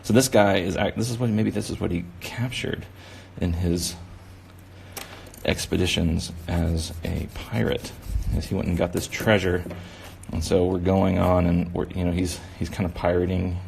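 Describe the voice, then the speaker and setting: A man's low-pitched voice, mellow-ish with vocal fry, comes through with a flat delivery at normal speed and slight background noise. He's an instructor running a relaxed drawing demonstration for kids, rambling, encouraging, and saying "you know" often.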